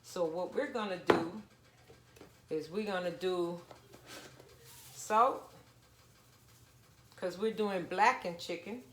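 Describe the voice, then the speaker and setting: A woman's voice: lowish voice, slow, pauses often, reverberant, slight background noise. A woman casually talking viewers through a home cooking recipe, chatty and down-to-earth. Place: home kitchen.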